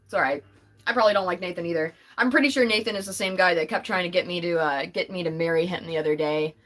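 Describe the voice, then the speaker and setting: A woman's voice: lowish voice, quick pace, fairly bright tone, soft background music. A young adult woman chatting casually on her livestream, laughing often and answering chat comments as they pop up. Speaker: livestream host.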